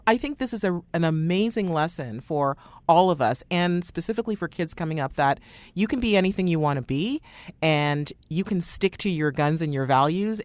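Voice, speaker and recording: A woman's voice: low voice, no echo. A woman hosting a podcast, interviewing her guest in an encouraging, affirming manner. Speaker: podcast host.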